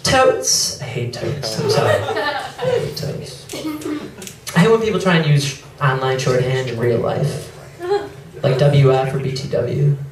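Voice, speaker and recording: A young man doing stand-up comedy, self-deprecating and quick to apologize for his jokes, slipping into mocking voices of others. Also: mid-range voice, far from the mic. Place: comedy club stage. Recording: echoey club, mic heard from afar, crowd laughter. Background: audience laughing.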